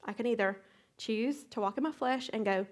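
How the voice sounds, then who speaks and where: A middle-aged woman teaching a Bible study, retelling a hectic day as an animated testimony with sound effects. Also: fairly high pitch, normal speed.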